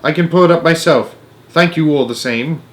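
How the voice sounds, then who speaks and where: A man voicing a calm, loving elderly grandmother in a read-aloud storybook. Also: on the high side, moderate pace, voice pushed up, lightly acted. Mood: cool. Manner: cool, steady and affectionate.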